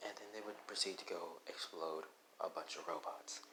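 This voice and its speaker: A young man with a low voice tells a fan-fiction story in a loose, offhand ramble, restarting sentences and correcting himself as he goes. He is recorded on a home microphone. A faint layer of background noise sits under his voice. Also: normal speed, pushed and bright, rough recording. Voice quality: rambling, offhand, self-interrupting. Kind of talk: casual spoken fan-fiction retelling. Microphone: home microphone without headphones.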